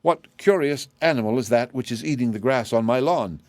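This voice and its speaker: A man reading an audiobook, voicing an invisible man of the house who speaks sternly and gruffly. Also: medium pitch, a little fast, a little mellow, no room sound, clean studio sound, close to an everyday voice.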